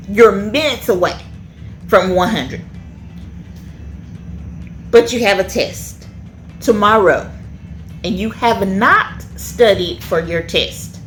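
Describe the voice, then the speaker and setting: A woman teaching a children's church lesson in an animated way, often checking in with the kids by asking "okay?". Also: mid-range voice.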